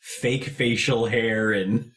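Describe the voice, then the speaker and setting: A man's voice: lowish voice, fairly even intonation, slow, a bit bright. Laughing man running a tabletop game. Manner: laughs often, steers talk back on track. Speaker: game master. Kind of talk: casual tabletop game chat.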